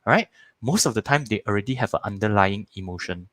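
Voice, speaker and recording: A Malaysian English-accented man leads a parenting workshop, his pitch swinging widely as he explains and acts out scenes. He repeats words to drive them home, in a dry close recording with no room sound. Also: quick pace, no room sound. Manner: animated, acts out little scenes in shifting voices; repeats words and phrases for emphasis. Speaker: parenting teacher. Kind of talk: live online parenting workshop.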